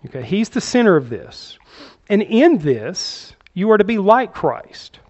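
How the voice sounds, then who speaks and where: Male pastor, conversational sermon delivery with frequent check-ins, fairly high voice, muffled recording. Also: very animated, a little slow. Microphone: handheld microphone.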